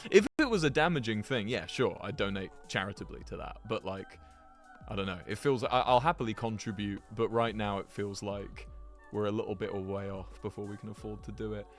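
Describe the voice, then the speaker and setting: A man's voice: on the low side, fairly quick, soft background music. A man giving rambling, chatty commentary to his viewers while he plays a geography game, laughing often. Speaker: streamer.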